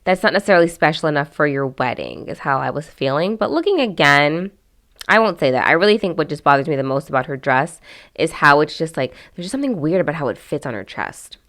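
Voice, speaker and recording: A woman with a notably low voice talks through a casual commentary vlog. She is chatty and candid, trailing off and restarting often, with plenty of fillers as she shares frank opinions. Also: expressive, quick pace, a bit bright. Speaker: host.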